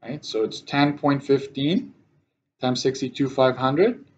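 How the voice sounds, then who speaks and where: A man's voice: medium pitch, unhurried, a little mellow, highs cut off, a little hiss or hum. A male math teacher giving a classroom lesson, often checking that his students follow.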